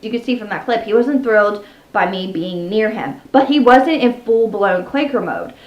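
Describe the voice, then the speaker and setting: A woman's voice: medium pitch, lively intonation, normal speed. A woman vlogger explaining how to tame parrots in a casual, upbeat way, cooing at her birds between tips, recorded at home. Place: indoor room at home with pet birds. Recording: roomy, slightly dull home recording.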